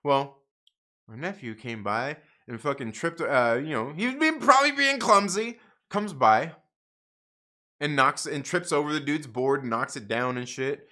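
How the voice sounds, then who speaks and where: Bright-voiced profane storytelling man. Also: a little high, a little slow. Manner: rambling, profane, animated with frequent laughs. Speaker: live stream host. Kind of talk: casual storytelling monologue.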